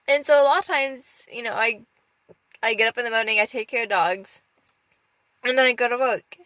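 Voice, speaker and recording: Emotional halting woman in a car. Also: a little high, pushed and bright, dry recording, low-quality recording. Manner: emotional, halting, rambling and heartfelt. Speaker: off-grid dog musher vlogger. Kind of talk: candid personal vlog. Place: inside a parked car.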